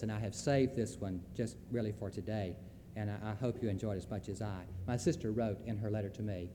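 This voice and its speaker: A man's voice: lowish voice, warm tone, big-room sound, slight background noise. A Southern man giving a folksy, emphatic lecture on Christian leadership, with storytelling asides.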